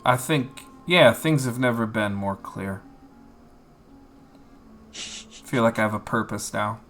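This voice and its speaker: A man's voice: medium pitch, takes it slowly, a bit bright, faint music behind. A man playing a sheepish scruffy young man. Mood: uneasy.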